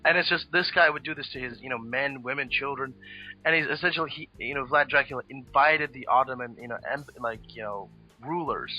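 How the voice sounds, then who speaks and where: Man, podcast co-host, rambling casual storytelling, fillers, muffled low-fi audio. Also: a little fast. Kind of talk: casual chat. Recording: dull lo-fi podcast audio with faint music.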